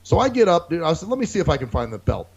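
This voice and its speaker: A man's voice: a little high, big pitch swings, rapid-fire, gravelly, breathy edge. A man co-hosting a casual podcast, telling a profane story and acting out other people's lines. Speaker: podcast co-host. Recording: dull lo-fi recording.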